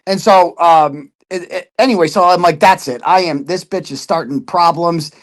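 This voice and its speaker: A man's voice: on the high side, moderate pace. A man in casual chat, telling a story with lots of swearing and putting on other people's voices. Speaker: podcast guest.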